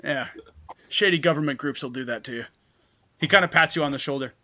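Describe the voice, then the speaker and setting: A man's voice: on the high side, brisk, sharp tone. A man narrating as game master for a tabletop game, loose and full of fillers.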